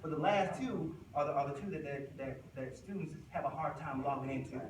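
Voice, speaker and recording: Assistant principal guy talking to parents, lively, acts out voices, high voice, echoey room, mic far off. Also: fairly quick, a loud crowd. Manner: animated, acts out voices of parents and students, laughs often. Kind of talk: informal talk to a group of parents. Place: room with an audience. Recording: echoey room recorded from a distance, noisy.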